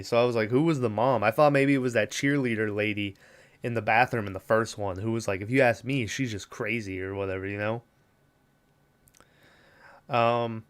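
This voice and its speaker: Male podcast host, mid-pitched and smooth, chatty plot recap with casual profanity. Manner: casual, profane, retells scenes with quoted lines.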